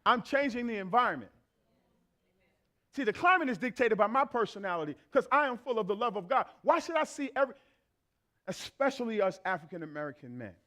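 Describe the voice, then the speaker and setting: A man's voice: high voice, big pitch swings, a little fast, pushed and bright. A man preaching a sermon to a church congregation, conversational and emphatic, repeating his phrases for effect. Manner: conversational, acts out everyday exchanges.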